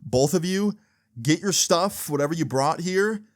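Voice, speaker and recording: A man's voice: on the high side, measured pace, no room sound, clean studio sound, pitched above the performer's own voice, lightly acted. A man voicing a fed-up older male cop who is stern, exasperated and swearing.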